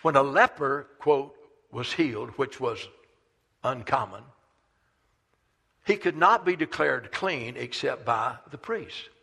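A man preaching a sermon as a pastor, swinging between loud declarations and hushed, dramatic asides. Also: mid-range voice, animated, takes it slowly, creaky, pauses often, breathy edge, long reverb tail. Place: church sanctuary.

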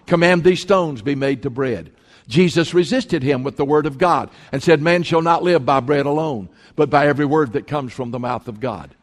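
A man preaching a sermon as pastor, emphatic and repeating his points for stress. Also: on the high side. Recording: long hall reverb.

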